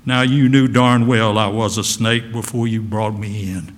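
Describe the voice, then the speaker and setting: A preacher putting on a sly pleading snake. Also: male voice, on the low side, fairly even intonation, measured pace, a little hiss or hum, lightly acted. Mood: mocking. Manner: pleading, then mocking. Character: sly, grinning male snake begging to be taken in.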